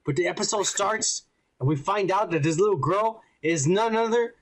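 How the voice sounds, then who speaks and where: Casting: high-pitched male podcast host, rambling, foul-mouthed, casual. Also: normal speed, poor audio. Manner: crude, rambling, swears constantly. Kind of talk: casual profane chat.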